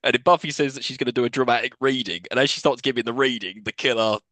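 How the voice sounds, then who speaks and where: A man talks through a film on a podcast, chatty and laughing between lines. His voice sits at an ordinary pitch, and the sound is close and dry with no room around it. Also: racing, a bit bright, no echo. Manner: recaps scenes, laughing often, swears casually. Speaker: podcast co-host. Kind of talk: casual film recap chat.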